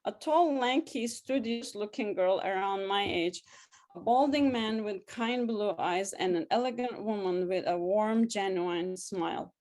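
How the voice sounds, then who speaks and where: A woman reading her own first-person memoir story aloud, lively and wry, laughing now and then. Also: mid-range voice, unhurried. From abroad, newly arrived student in the story.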